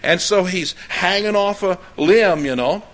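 Folksy high-voiced older preacher. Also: male voice, measured pace, a bit bright. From Oklahoma. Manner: folksy, rambling, with anecdotes and frequent fillers. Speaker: pastor. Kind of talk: sermon.

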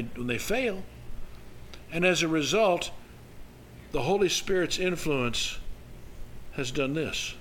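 A man's voice: medium pitch, a bit bright, a little hiss or hum, low-quality recording. Older man preaching a folksy sermon. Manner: folksy storytelling with emphatic rises. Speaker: pastor.

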